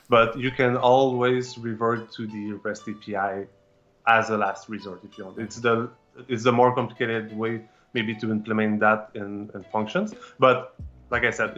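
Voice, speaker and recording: Man, French first language, low voice, technical demo, hesitant fillers, dull lo-fi sound. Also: a bit bright. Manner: hesitant, many fillers and restarts. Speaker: presenter.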